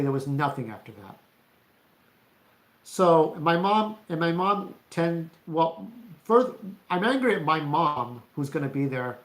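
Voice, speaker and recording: A man in his forties rants bluntly and profanely, restarting his sentences as he goes. His voice sits somewhat high for a man. The room around him gives a roomy echo. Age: 40s. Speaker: vlogger. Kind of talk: ranting vlog monologue. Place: indoor room.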